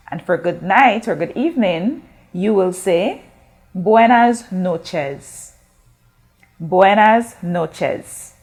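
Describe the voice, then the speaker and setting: A woman teacher from Guyana leads a recorded school lesson at an unhurried pace. She speaks patiently, drawing out words and pausing for her class to repeat, and asks questions as she goes. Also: mid-range voice. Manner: slow, drawn-out modeling of words for repetition. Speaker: Spanish teacher.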